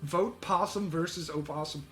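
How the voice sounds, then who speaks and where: A streamer reading an article aloud in casual chat, ranting in disbelief with sudden shouts and crude, mocking banter. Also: mid-range voice, normal speed, loud music behind the voice.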